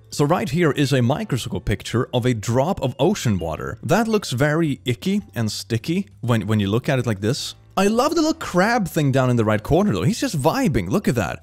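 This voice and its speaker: A young man giving a jokey, excitable reaction commentary, often gasping and laughing. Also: mid-range voice. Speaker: reaction video host.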